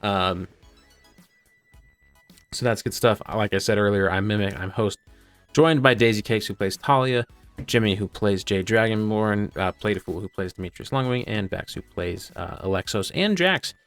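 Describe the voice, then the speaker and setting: A man's voice: on the low side, normal speed, soft background music. A man hosting and running a tabletop game, talking casually with lots of fillers. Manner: casual, filler-heavy, relaxed. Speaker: game master and host.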